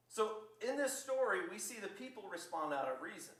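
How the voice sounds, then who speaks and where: A man preaching a sermon as pastor, telling the story in a lively way and acting out the quotes. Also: sits high, fairly quick, few pauses. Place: church. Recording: echoey church from far off.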